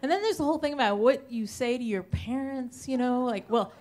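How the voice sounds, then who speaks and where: Woman storyteller on stage, kinda high voice, chatty and poking fun at herself. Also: brisk, a little mellow. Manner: chatty, self-mocking, full of restarts and quoted voices. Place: stage at a live storytelling show.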